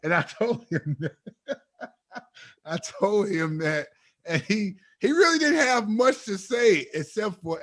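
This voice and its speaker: Animated man hosting a podcast. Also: fairly high pitch, measured pace. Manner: animated storytelling, imitates voices. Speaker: podcast host. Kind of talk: casual conversation.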